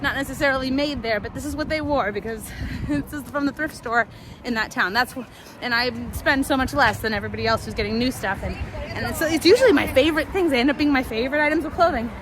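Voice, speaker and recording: A woman with a high voice tells a long personal story as she walks along a city street. She talks in a chatty, wandering way, full of ums and restarts. Loud street noise surrounds her. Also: fast talker. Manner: chatty, rambling, with many fillers and restarts. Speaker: vlogger. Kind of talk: casual storytelling while walking.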